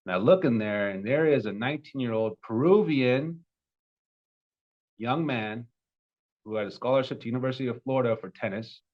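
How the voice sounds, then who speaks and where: A man in his twenties, a love coach, telling a personal story with animated, emotional bursts. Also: mid-range voice, normal speed, lo-fi sound. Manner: emotional, animated retelling with sudden loud peaks.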